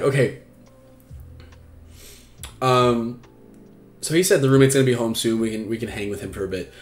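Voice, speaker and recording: A man's voice: medium pitch, steady tone, moderate pace, long pauses, roomy sound, soft background music. A man hosting an advice livestream, talking frankly and casually with lots of fillers and swearing. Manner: frank and chatty, swears freely, many fillers. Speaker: advice stream host.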